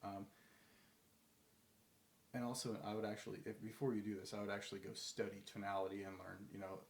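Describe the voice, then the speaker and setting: A man's voice: lowish voice, flat delivery, brisk, creaky, echoey room. A man giving casual advice, rambling with many fillers and restarts, sometimes acting out phone calls. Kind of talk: casual talk to camera.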